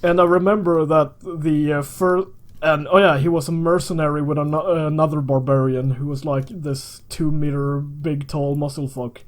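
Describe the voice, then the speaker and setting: A man's voice: on the high side, fairly even intonation, normal speed. A young man, a guest in a casual chat, rambling through a tabletop game story with chuckles and swearing.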